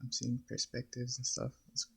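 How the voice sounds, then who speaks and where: A man hosting a reaction video, casually thinking aloud with many pauses and fillers. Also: mid-range voice, completely flat delivery, fairly bright tone, slightly rough, rough recording.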